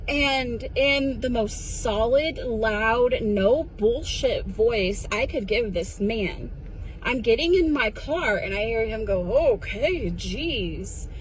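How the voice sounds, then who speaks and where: A woman's voice: on the high side, slow pace, a little hiss or hum, rough recording. A woman telling a story in a casual selfie-video rant, blunt, profane and defiant. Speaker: social media video poster.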